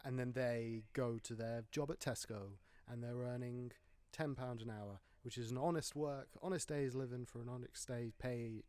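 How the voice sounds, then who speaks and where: A man in an easygoing film podcast chat, rambling through his points with dry little jokes. His voice sits at an ordinary middle pitch and is recorded close and dry, with no room sound around it. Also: steady tone, moderate pace, hardly any pauses, a little mellow, no room sound. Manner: chatty, rambling, wry jokes. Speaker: podcast host.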